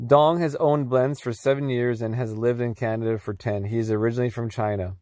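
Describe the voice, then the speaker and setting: A man's voice: mid-range voice, steady tone, a little fast, hardly any pauses, darkish tone, no echo, studio quality. A man commenting on a news clip in a mocking, argumentative way. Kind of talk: sarcastic reaction commentary.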